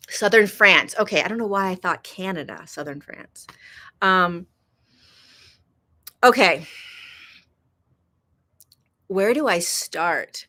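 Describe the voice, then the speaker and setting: Casting note: woman, livestream host, lowish voice, chatty and warm-hearted with viewers, drifts between hushed and excited. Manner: chatty, greets viewers by name, swings from soft to excited. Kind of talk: casual spiritual livestream talk. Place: indoors in Kenya.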